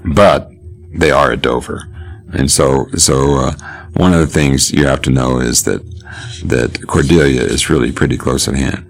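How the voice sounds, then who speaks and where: Deep gravelly guy chatting through a lit lecture, halting, chuckles a lot. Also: faint music behind. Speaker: literature teacher. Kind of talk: casual lecture.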